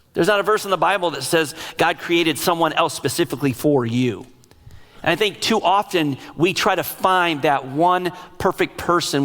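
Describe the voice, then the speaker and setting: A middle-aged man preaching a sermon as a pastor, telling stories in an emotional, animated way. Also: a little high. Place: large church sanctuary. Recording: long reverb of a large hall.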